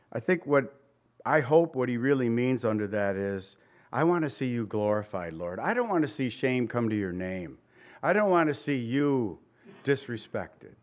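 A man preaching a sermon as pastor, in a conversational style full of rhetorical questions, now and then acting out the voices he quotes. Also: mid-range voice. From Italian family background.

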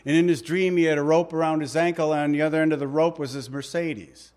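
Middle-aged male pastor, slightly high voice, easygoing sermon delivery, slow when reading verses, sudden quiet stresses. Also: steady tone. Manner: conversational preaching, slows down to read verses, drops quiet for emphasis.

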